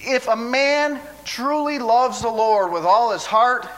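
A man's voice: very high voice, lively intonation, slow pace, fairly bright tone, rough recording. A man preaching a sermon in a folksy way, often stammering and restarting his phrases.

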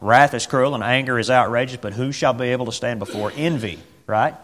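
A man's voice: medium pitch, a little fast, fairly bright tone, long reverb tail, a little hiss or hum. A man preaching a sermon in a conversational way, who asks his congregation questions, repeats his phrases and acts out the scripture dialogue.

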